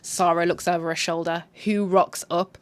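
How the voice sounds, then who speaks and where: A young adult woman retelling a TV series in a casual, animated, slangy way. She swears freely and laughs along with her own commentary. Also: on the low side, normal speed. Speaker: show recap host. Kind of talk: casual spoken story recap.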